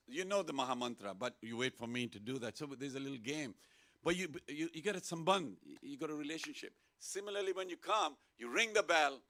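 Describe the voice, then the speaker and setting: A man gives a casual sermon in a temple hall, with a gravelly edge to his voice. He keeps it playful and lively and draws the listeners into call-and-response chanting. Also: a little high, quick pace. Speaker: temple speaker. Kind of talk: informal sermon to a congregation.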